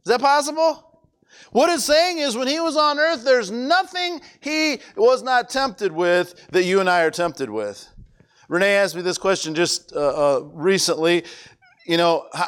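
A man's voice: sits high, fairly bright tone, clear, resonant tone. A man preaching a conversational sermon, often stumbling over repeated words and asking the congregation questions.

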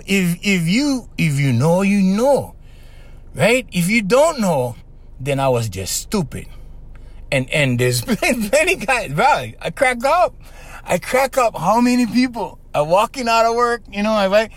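A man, rambling casually as host and often laughing as he talks to listeners. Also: high voice. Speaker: host, former radio voice performer.

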